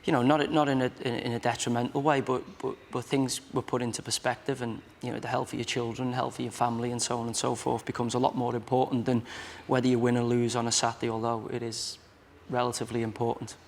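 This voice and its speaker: A man's voice: mid-range voice, little pitch movement, fast talker, few pauses, long reverb tail, a little hiss or hum. A man in his thirties with a Merseyside accent, chatting as a guest on a talk show, rambling and restarting his sentences. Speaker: guest, footballer. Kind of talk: casual chat show talk.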